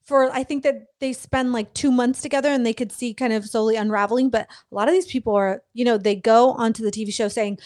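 A woman in her thirties chatting casually as a co-host, teasing and telling lively stories with some swearing. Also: a little high, fast, hardly any pauses. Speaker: podcast co-host. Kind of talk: casual chat.

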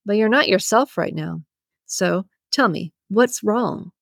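A woman's voice: mid-range voice, takes it slowly, gravelly, dry recording, clean studio sound. A woman voicing a cocky, nosy male coworker who wisecracks and teases in an audiobook. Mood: teasing. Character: cocky, teasing male employee. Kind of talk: audiobook character reading.

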